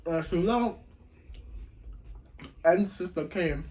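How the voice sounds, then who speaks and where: A young man telling a story casually while eating, slangy and rambling, getting loud when he acts out what people said. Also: high-pitched, slow, pauses often, low-quality recording. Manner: animated, acts out quoted lines loudly. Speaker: vlogger.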